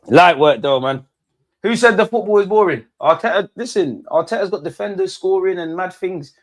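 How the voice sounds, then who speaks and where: A young man hosting a live football watch-along, reacting loudly and bantering at the players. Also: fairly high pitch, normal speed. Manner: excitable, shouts at goals, banters at players. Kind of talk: live match reaction commentary.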